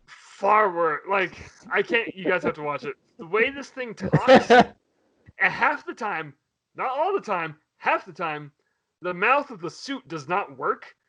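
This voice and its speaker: A man hosting a podcast in casual chat, telling a story in an animated way. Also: high-pitched, a little slow. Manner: animated, swears and laughs while retelling. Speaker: podcast host.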